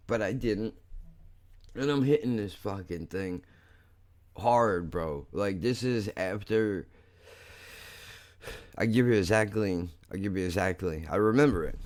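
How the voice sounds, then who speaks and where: A young man hosting a podcast, talking in a blunt, profane, rambling way that turns angry fast. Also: lowish voice, a little mellow. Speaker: podcast host. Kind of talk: casual monologue.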